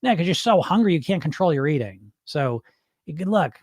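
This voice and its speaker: A middle-aged man hosts a casual coaching podcast and reacts to listener comments in a blunt, animated way, sometimes swearing. His voice sits fairly high for a man. The sound is dry, with almost no room echo. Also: brisk. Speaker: podcast host and weight-loss coach.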